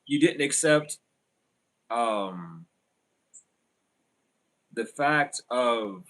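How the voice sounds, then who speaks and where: Male tarot reader for a live stream, mid-pitched, loose and rambling, blunt, filler-heavy delivery. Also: normal speed, fairly bright tone. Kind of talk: casual livestream tarot reading.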